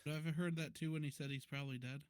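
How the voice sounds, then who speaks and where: Slightly higher-voiced questioning player. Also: male voice, steady tone, no echo, studio quality. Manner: quick, questioning. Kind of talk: tabletop role-play.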